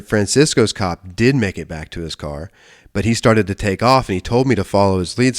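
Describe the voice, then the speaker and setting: Low-voiced man telling a story. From United States. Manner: rambling, profane, frequent restarts and self-corrections. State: emotional, near tears at times. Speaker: podcast host. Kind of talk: casual storytelling monologue.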